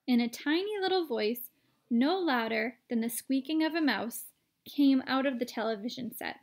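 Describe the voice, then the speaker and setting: A woman reading a children's book aloud in a lively storytelling manner with playful asides. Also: sits high, normal speed. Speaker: reader.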